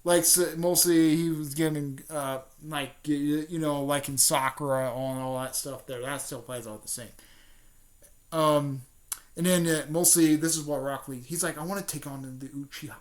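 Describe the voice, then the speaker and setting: A man's voice: on the high side, fairly even intonation, normal speed. Rambling man retelling a story. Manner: rambling, lots of fillers and restarts, chuckles. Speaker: fan storyteller. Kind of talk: casual rambling fan retelling.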